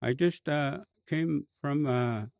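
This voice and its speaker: A man with a Cree accent, a bishop telling a personal story in a slow, halting way with many fillers and restarts. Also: on the high side, gravelly, a little mellow, dry recording. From Canada.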